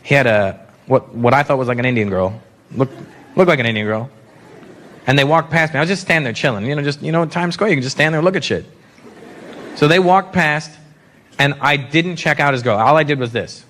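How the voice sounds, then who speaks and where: A Canadian man performs profane stand-up comedy on stage, animated and acting out characters in a mid-range voice at a fairly quick pace. Audience laughter and crowd noise come through on the live stage mic.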